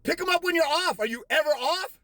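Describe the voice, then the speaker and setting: A man ranting aggressively and insulting a viewer, with shouted bursts. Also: very high-pitched, lively intonation, fairly quick, dry recording. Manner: mocking put-on quotes of others. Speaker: fathers' rights consultant. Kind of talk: angry profane rant to camera.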